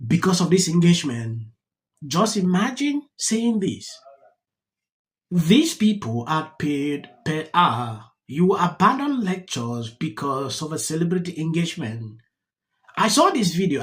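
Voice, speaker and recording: A news channel narrator reading commentary in a stiff, halting way, stumbling over words. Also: medium pitch.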